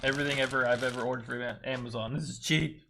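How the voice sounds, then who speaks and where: A man's voice: medium pitch, steady tone, fast, gravelly, pushed and bright, a little hiss or hum. A young man chatting casually on a trading livestream, swearing freely and talking to his chat. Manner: swearing, laid-back, talks to chat.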